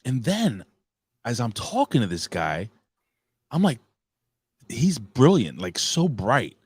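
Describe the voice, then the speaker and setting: A man's voice: medium pitch, wildly swooping pitch, takes it slowly, slightly rough, dry recording, studio quality. A man, co-hosting a casual podcast and telling a rambling, profane story. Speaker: co-host.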